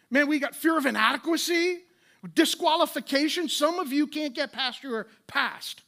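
A pastor in his late thirties preaching a sermon in a conversational, impassioned way, with rhetorical questions and quick restarts. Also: very high voice, gravelly, pushed and bright.

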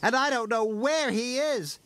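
A man voicing an excitable young male narrow-gauge engine in a fan-made storybook dub, with music behind him. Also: very high-pitched, takes it slowly, pitched above the performer's own voice, heavily acted. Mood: excited.

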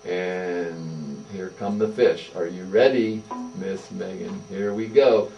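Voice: low voice, fairly even intonation, slow, creaky, muffled recording, faint music behind. A speech therapist coaching a young child through voice exercises, with encouraging, sing-song praise. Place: indoor therapy room. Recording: distant mic with faint mains hum.

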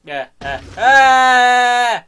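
A young man commentating a game he is playing, yelling in sudden bursts and muttering quietly in between, swearing and joking. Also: very high voice, sing-song, drawn-out words. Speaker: gaming commentator. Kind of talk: let's play commentary.

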